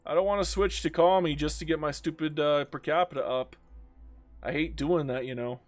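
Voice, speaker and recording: A man's voice: fairly high pitch, steady tone, normal speed. A young man commenting on his own strategy game during a long live stream, talking to himself and the game, groaning and joking, worn out after many hours of play.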